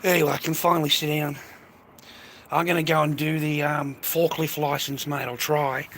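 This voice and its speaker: A middle-aged live streamer rambles and swears on a phone livestream, sounding tired, coughing and addressing listeners as "mate." He speaks at a moderate pace in a high-leaning, somewhat bright, flat voice, with slight background noise.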